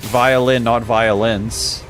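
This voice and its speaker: A man's voice: mid-range voice, little pitch movement, slow. Playful man streaming a game. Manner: playful, jokey, laughs often. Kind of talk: casual live-stream commentary, reading chat. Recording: game music playing loudly behind.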